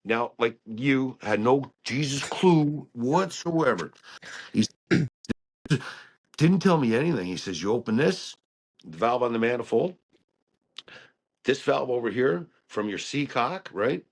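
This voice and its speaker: A man telling stories about working on ships in a casual, animated way. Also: medium pitch, measured pace, pauses often. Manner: animated storyteller who acts out quotes. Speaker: guest, ship engineer. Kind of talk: casual storytelling chat.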